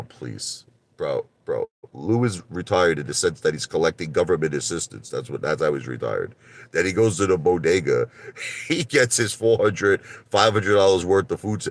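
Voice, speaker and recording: A man hosting a livestream, ranting in a combative, animated way and repeating his points. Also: sits low. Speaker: livestream host.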